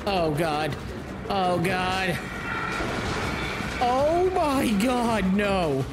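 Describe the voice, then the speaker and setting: A man giving let's play commentary, excitable, yelping and groaning, swearing, with mock-dramatic asides. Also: high voice, very slow, music in the background. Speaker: gaming YouTuber.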